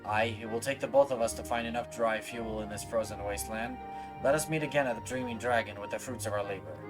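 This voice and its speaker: A man's voice: lowish voice, over music, lightly acted. A man doing a grave, brooding dragoon. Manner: grave, measured reading.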